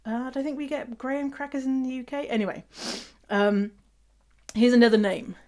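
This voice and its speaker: A woman's voice: on the high side, fairly even intonation, normal speed, darkish tone. Chatty English woman with a mixed accent. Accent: English, mixed with Canadian. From England. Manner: chatty, laughs often, spells out words. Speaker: podcast host. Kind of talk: casual solo podcast talk.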